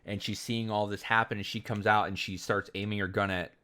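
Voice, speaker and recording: A young man with a somewhat low voice talks through his thoughts on a podcast. He is relaxed and rambling, and he leans on filler words as he goes. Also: brisk. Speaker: podcast co-host. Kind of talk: casual podcast chat.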